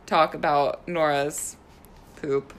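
Low-voiced agreeable young woman. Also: fairly even intonation, takes it slowly. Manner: warm, agreeable listener, chiming in often. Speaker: podcast co-host. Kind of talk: casual chat.

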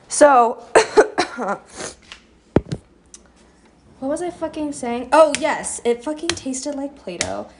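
A woman's voice: sits high, animated, takes it slowly, pauses often, noisy background. Chatty, foul-mouthed young woman vlogger. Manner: chatty, profane, self-deprecating. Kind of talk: casual rambling storytime while cooking. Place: home kitchen.

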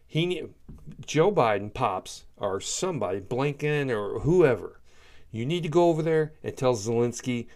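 A man's voice: medium pitch, animated, normal speed, a little mellow. A man giving heated, emphatic political commentary, often repeating himself for emphasis. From United States. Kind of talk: opinionated solo commentary.

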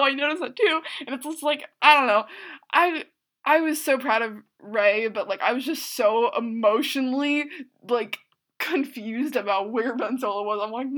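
A woman talking casually in a rambling, gushing way, full of fillers and restarts, sometimes bursting out loud. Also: fairly high pitch. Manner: excitable, swings into loud outbursts. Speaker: reaction show host. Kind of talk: casual film reaction monologue.

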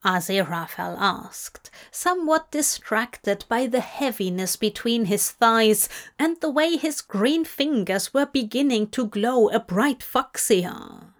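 A woman giving a steady, measured narration of a fan-fiction story. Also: a little high. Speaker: audiobook reader.

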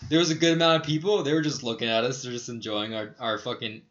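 Male podcast host, bright voice, rambling profane storytelling, dull lo-fi sound. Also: mid-range voice, fairly even intonation, fast. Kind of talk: casual chat.

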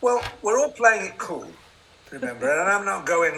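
A man's voice: sits high, very animated, normal speed, pushed and bright, rough recording. An older man, a novelist, telling wry, self-deprecating anecdotes in an interview. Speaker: novelist guest. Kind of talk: interview storytelling.

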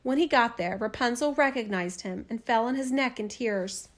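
Woman storyteller, fairy tale read aloud, somewhat high voice, expressive, measured.

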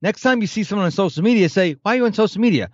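A man's voice: high-pitched, animated, racing, a little mellow, no room sound, muffled recording. A man in his fifties, a podcast guest, talking animatedly in a casual interview and acting out the people he quotes. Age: 50s.

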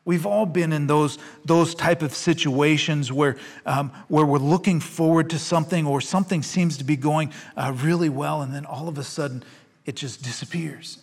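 A man's voice: fairly high pitch, fairly even intonation, moderate pace, creaky, husky. Earnest man preaching in a large hall. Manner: earnest, rising to fervent when reading scripture; conversational with fillers and repetitions. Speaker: pastor. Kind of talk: sermon. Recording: long hall reverb.

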